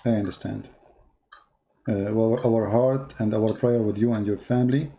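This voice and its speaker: Guy preaching hard on a live stream, kinda gravelly voice. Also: fairly low pitch, fairly even intonation, moderate pace, mellow, slight background noise. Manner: fervent, emphatic, repeats phrases. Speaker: host.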